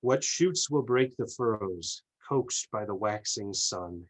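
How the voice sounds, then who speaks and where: A man reading his own poem aloud in a measured, deliberate way. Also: on the low side, expressive, rough recording. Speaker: poet.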